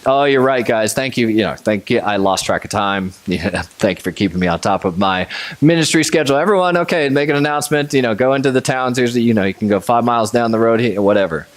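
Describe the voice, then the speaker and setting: A man voicing a relaxed male teacher who speaks to his followers in an offhand way. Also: mid-range voice, fast, lightly acted. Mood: breezy.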